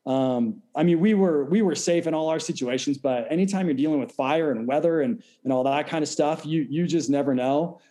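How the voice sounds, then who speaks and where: A man in his thirties from California, a podcast guest talking in a measured, explanatory way and trailing off at the ends of sentences. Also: on the high side, dark tone. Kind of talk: casual interview chat.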